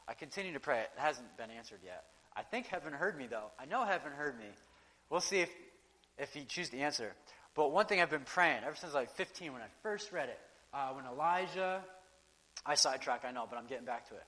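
A man preaching a sermon in a conversational, animated way, acting out quotes and asides. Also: medium pitch, quick pace. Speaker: pastor. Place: church sanctuary. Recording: long reverb of a large hall.

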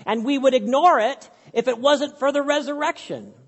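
A man with a high voice preaches to his congregation in an earnest, conversational way, leaning on repetition to drive points home. The sound carries a long hall reverb from the church sanctuary. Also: moderate pace. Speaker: pastor. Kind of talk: sermon.

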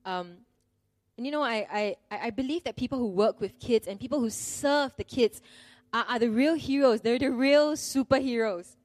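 Lady preaching, kinda high voice, chatty and earnest, pokes fun at herself, dry close sound. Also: moderate pace, darkish tone, no room sound. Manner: earnest, conversational, with self-deprecating humor. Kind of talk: sermon.

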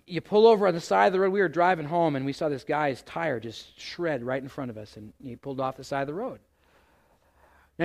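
A middle-aged man preaching with a high, bright voice. He talks in an animated way, asking his listeners questions and acting out frustrated outbursts. His delivery is forceful. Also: vocal fry. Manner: animated, acts out exasperated voices with loud outbursts; asks the congregation questions. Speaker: pastor. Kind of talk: sermon.

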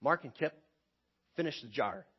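A man putting on the voice of a stern wealthy uncle, low and commanding. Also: lively intonation, moderate pace, a bit bright, slight background noise, natural voice. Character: stern wealthy middle-aged uncle, firm.

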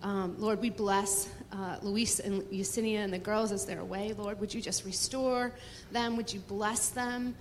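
Woman, spoken church prayer, soft and tearful, earnest, long hall reverb, faint noise. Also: mid-range voice, fairly even intonation, a little slow.

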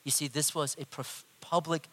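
Middle-aged male preacher, high-pitched, lively storyteller who swings from loud to hushed. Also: moderate pace. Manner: animated, acts out voices, big swings in loudness. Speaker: pastor. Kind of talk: sermon with personal storytelling.

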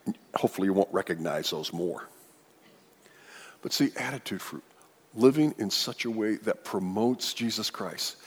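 A man preaching a sermon as pastor in a church, animated and joking with the congregation. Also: on the low side, moderate pace, long pauses, slightly rough. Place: church sanctuary. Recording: long church-hall reverb.

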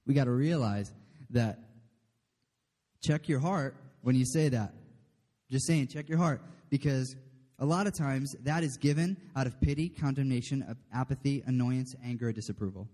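A man's voice: mid-range voice, normal speed, warm tone. A man preaching a casual, chatty sermon, often checking in with the room. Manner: chatty, asks the room "okay?", laughs often. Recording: long hall reverb.

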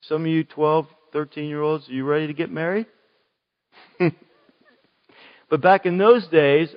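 A man with a Western Pennsylvanian accent preaching a sermon as a pastor, conversational and slowing on key words. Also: a little high. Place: church. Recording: dull, long church reverb.

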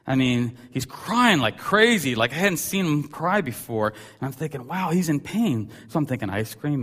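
A man in his thirties preaching a sermon as a pastor, telling stories with a voice that jumps up sharply for emphasis. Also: medium pitch. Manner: animated storytelling, voice rising sharply for emphasis. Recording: long hall reverb.

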